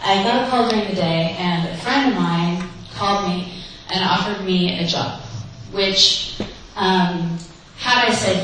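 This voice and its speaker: A woman's voice: medium pitch, measured pace, hardly any pauses, a bit bright, slight background noise. Woman attendee sharing, loose and chatty; very roomy, distant pickup. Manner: conversational, with many fillers. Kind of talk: personal recovery testimony. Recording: very echoey room, from a distance.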